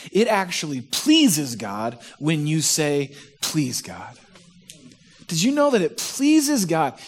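A man preaching a sermon in a conversational, humorous way, acting out the quotes he reads. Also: a little high. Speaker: pastor.

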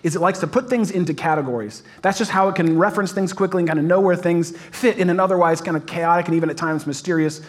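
A man preaching in a church with a noticeably high voice for a man. He talks to the congregation in a chatty, upbeat way and laughs often. His sermon feels like friendly conversation. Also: fast talker, few pauses. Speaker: pastor. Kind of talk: casual sermon to a live congregation. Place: church auditorium.

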